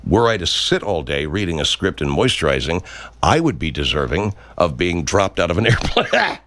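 Pompous deadpan man with a lively voice. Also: low-pitched, moderate pace, dry recording, studio quality. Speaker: comedy performer. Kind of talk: improvised comedy sketch.

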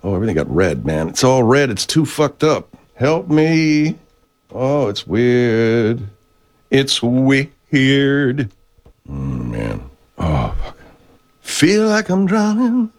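A man's voice: mid-range voice, very animated, slow, no echo. A man hosting a radio show, rambling in a profane, meandering monologue that keeps getting sidetracked. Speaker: radio host.

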